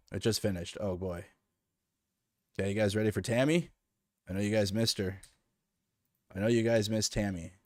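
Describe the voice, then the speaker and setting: A man's voice: fairly low pitch, no room sound, clean studio sound. A man giving casual, sarcastic reaction commentary on political news, rambling with frequent restarts.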